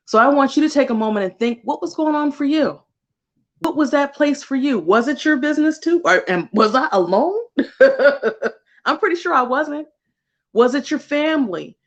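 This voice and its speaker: A woman energy healer in a casual spiritual vlog, animated and laughing often, swearing freely and slipping into put-on voices. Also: dull audio. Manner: slips into high put-on voices for quotes.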